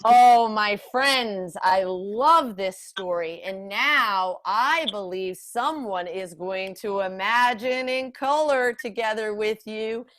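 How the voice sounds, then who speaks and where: A woman leading a children's gathering, giving a slow, deliberate sermon reflection and calling her listeners her friends. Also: medium pitch, fairly bright tone.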